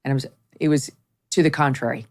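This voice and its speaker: A woman's voice: a bass voice, fairly even intonation, fast talker, a little mellow. A woman hosting an interview, responding with sympathy and emphasis. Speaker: host.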